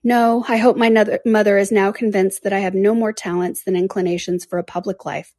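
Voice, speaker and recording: A woman reading aloud, voicing a reserved, melancholy young man in a quiet, lowered voice. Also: level tone, brisk, no room sound, close to an everyday voice. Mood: subdued.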